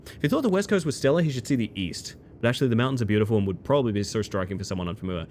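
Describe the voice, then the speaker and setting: A man, chatting excitedly as he streams a game live. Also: lowish voice, racing, a little hiss or hum. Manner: excitable, chatty, bursts into loud exclamations. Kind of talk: live gameplay commentary.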